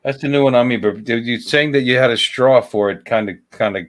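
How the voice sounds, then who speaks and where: Male host, mid pitch, dry teasing humor, easygoing chat. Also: brisk. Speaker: show host. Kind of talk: casual chat.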